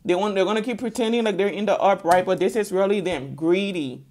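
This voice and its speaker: A woman with a middle-pitched voice delivers a tarot reading as a spoken monologue to her audience. She hammers her points home by repeating phrases. She keeps checking in with listeners along the way. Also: a little fast, darkish tone. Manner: emphatic, repetitive, keeps checking in with "okay?". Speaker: tarot reader.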